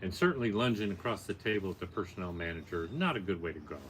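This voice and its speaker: An older man tells a story in a plain, matter-of-fact way, with a voice that sits a little low. He stays conversational and gets lively at the tense moments. A faint hiss runs underneath. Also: quick pace. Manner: plainspoken, matter-of-fact, building to animated peaks. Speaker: podcast guest, storyteller. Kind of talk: casual storytelling chat.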